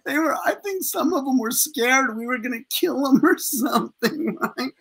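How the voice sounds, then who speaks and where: A very high-pitched, creaky, husky male voice at normal speed belongs to an American street performer in his fifties. As a guest in a relaxed storytelling interview, he spins profane stories animatedly and laughs often.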